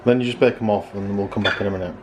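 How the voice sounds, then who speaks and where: A man's voice: lowish voice, steady tone, rapid-fire, a crowd in the background. A man helping with baking in a home kitchen, chipping in with brief, dry remarks. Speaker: baking helper. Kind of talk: casual chat.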